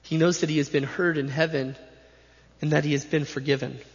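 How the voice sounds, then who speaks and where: A man's voice: fairly high pitch, little pitch movement, fairly quick. A male pastor delivering a sermon with an emphatic, repetitive preaching cadence. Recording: dull sound with long hall reverb.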